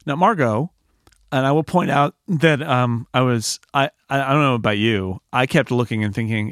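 Recapping a TV episode in casual podcast chat, this co-host speaks at normal speed in a clear, resonant mid-range voice. He gets animated, performing quoted lines from the show, and the studio recording is clean with no room sound.

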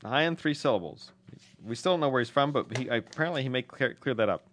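A man's voice: mid-range voice, expressive, quick pace, a bit bright. Guy cohosting a podcast, jokey and teasing, voice swings up and down a lot. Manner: joking, teasing, laughs often. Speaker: podcast co-host. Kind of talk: casual chat, reading listener mail.

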